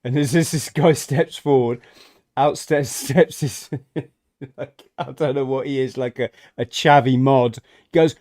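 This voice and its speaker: A man's voice: medium pitch, fairly even intonation, unhurried, a little mellow. A man hosting a casual podcast chat, retelling comedy scenes and laughing often. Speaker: podcast host.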